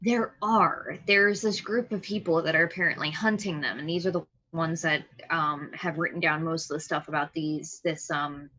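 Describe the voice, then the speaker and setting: A woman's voice: low-pitched, steady tone, moderate pace, few pauses, bright, forceful tone. Hesitant woman on a dull call line. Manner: hesitant, searching for words with many ums. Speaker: player. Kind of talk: casual tabletop game talk.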